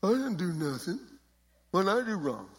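A man's voice: high-pitched, sing-song, normal speed, breathy edge, voice pushed up, full character voice. A man voicing a whiny, mouthy punk kid with a sulky, sassy way of complaining.

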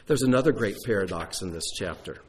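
A man's voice: lowish voice, expressive, a little fast, darkish tone, slight background noise. A man teaching a sermon in a conversational way, asking the listeners rhetorical questions. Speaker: Bible teacher.

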